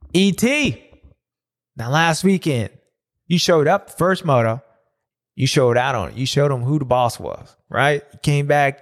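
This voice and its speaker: A man hosting a loose, chatty race recap. His pitch swings a lot, and he often jumps into high, mocking voices to act out what riders said. He talks the way someone who has raced himself talks about it. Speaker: podcast host and former racer. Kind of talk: casual race recap commentary.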